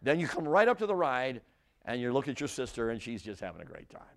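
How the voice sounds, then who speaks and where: A man's voice: mid-range voice, fast talker, gravelly. An older man preaching a sermon to a congregation, telling a humorous story and often asking the audience questions. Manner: animated, audience-engaging, frequent restarts and asides. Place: church before a congregation.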